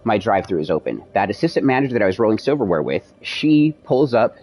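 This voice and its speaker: Streamer, young man, lowish voice, animated profane storyteller. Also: fast. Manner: animated, profane retelling with quoted dialogue. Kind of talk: casual storytelling.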